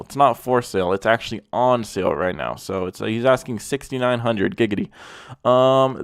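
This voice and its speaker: A man's voice: medium pitch, no echo, clean studio sound. Blunt, mocking young man reviewing cars. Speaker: car reviewer host. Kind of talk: profane comedic car commentary.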